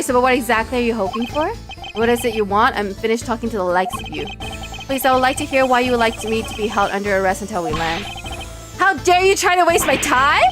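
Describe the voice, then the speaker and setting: A woman's voice: a little high, natural voice. A woman voicing a pompous, impatient wealthy male art dealer with a thick made-up foreign accent, over game music.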